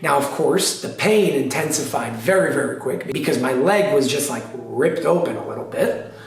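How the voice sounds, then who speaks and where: A man's voice: mid-range voice, lively intonation, normal speed, distant mic. A man telling a personal story in an emphatic, dramatic way, repeating phrases for effect. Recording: very echoey room, off-mic, faint music.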